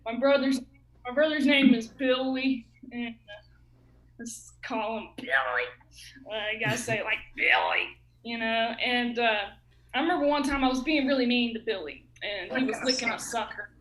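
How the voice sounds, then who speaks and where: A woman's voice: fairly high pitch, normal speed, a bit bright, reverberant, rough recording. A woman in her thirties from Ohio doing a rambling, self-mocking open mic stand-up set, laughing at her own jokes. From Ohio, USA. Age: 30s. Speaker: stand-up comic.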